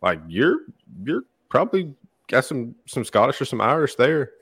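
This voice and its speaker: A man's voice: mid-range voice, big pitch swings, normal speed, a bit bright, slightly rough, dry recording. A man with an Appalachian Georgia accent, a guest on a podcast, talking in a folksy, opinionated way. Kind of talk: casual studio chat. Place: podcast studio.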